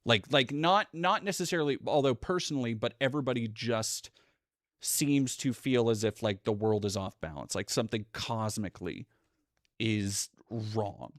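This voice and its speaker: A man's voice: medium pitch, no room sound. Male streamer, casual reaction commentary, swears freely, stops and restarts, dry close sound. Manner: profane, blunt, halting restarts. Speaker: livestream host.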